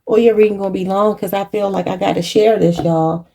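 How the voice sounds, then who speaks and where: A woman's voice: mid-range voice, steady tone, brisk, gravelly, dark tone. A woman giving a channeled tarot reading, emotional and preachy, choked up and near tears, calling her viewers y'all. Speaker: tarot reader.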